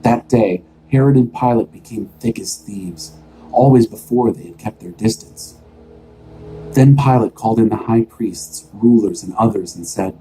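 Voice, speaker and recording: Deep, mellow-voiced male scripture reader. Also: normal speed, a little hiss or hum, poor audio. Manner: steady, expressive storytelling. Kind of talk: dramatized scripture reading.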